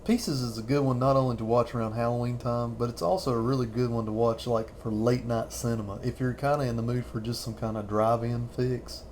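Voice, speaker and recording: Thirties guy chatting over a movie, rambly, laughs a lot, medium-pitched voice. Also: level tone, brisk, hardly any pauses, a little mellow, slight background noise. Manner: rambling, chuckles often. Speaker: host of a fan movie commentary channel. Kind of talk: casual film commentary.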